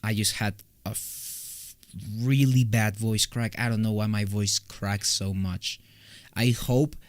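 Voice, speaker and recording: A man's voice: fairly low pitch, dry recording. A young man from Colombia chatting casually with his live-stream audience from his home recording room, rambling and joking with loose restarts. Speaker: streamer answering chat.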